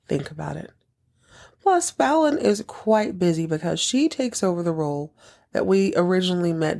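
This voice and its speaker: A woman recaps a TV episode in loose, sarcastic chat and slips into quick acted quotes. Her voice sits a little low and sounds mellow and dark. She is a bit under the weather. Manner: sarcastic, chatty, acts out quotes. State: sick, taking cough medicine. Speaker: podcast host recapping a TV episode.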